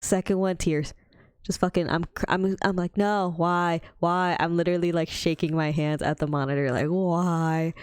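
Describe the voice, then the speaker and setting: A woman's voice: on the low side, normal speed, clear, resonant tone, dry recording, studio quality. A woman co-hosting a casual chat show, swearing often and acting out her stories. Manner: swears a lot, animated storytelling. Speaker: podcast co-host.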